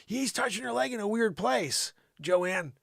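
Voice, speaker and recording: A man hosting an improvised comedy news show, talking in a mocking, animated way to an imaginary co-host. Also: high voice, measured pace, vocal fry, no room sound, studio quality.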